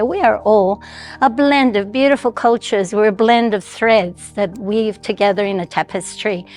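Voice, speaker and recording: A woman in her sixties from Colombia, with a Colombian Spanish accent touched by a slight American twang, telling her life story in a reflective, heartfelt way. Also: medium pitch. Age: 60s. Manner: reflective, heartfelt, with thoughtful pauses and restarts. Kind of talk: personal storytelling.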